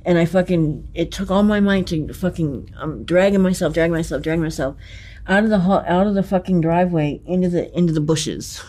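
A man recounting a personal ordeal in conversation, talking in an intense, profane and halting way, with many restarts and emphatic repetitions. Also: on the high side, mellow. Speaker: interviewee.

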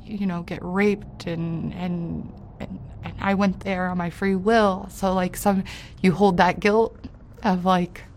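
A woman recounting a personal story in an interview, halting and hesitant with many fillers, her voice dropping quiet on painful parts and rising with anger. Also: on the low side. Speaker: interview guest.

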